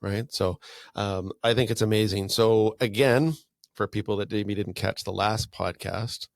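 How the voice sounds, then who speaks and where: Easygoing podcast co-host, lowish voice. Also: male voice, steady tone, measured pace, gravelly, no room sound. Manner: easygoing, agreeable, lots of fillers. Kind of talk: casual podcast chat.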